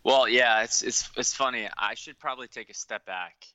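A man co-hosting a podcast over a remote call, telling a rambling story with halting restarts. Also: mid-range voice, pushed and bright, no echo, rough recording. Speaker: podcast co-host. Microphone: remote call setup.

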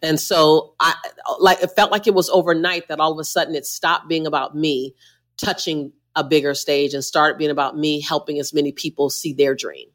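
A woman's voice: low voice, steady tone, moderate pace. A woman who is a motivational speaker, a guest on a podcast interview, talking with emphatic, preacher-like repetition.

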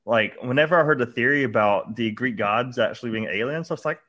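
A man's voice: mid-range voice, fast talker, a bit bright, dull audio. A young man co-hosting a casual podcast, reacting with jokes and blunt questions. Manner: reactive, joking, blunt interjections. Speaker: podcast co-host.

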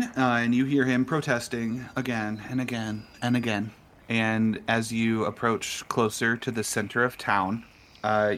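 A man narrating a tabletop game as game master, telling the scene in a relaxed way. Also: mid-range voice, a little hiss or hum.

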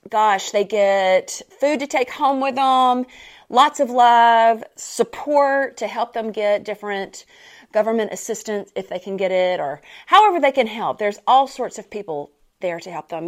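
A woman hosting a faith and fitness podcast. She is a personal trainer who tells a story in a chatty way, laughs often and repeats her phrases. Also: mid-range voice. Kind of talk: casual chat, storytelling.

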